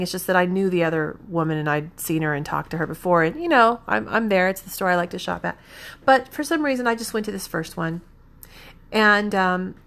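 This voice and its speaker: A woman's voice: mid-range voice, a bit bright. A woman telling a personal story in a rambling, heartfelt way, often correcting herself as she goes.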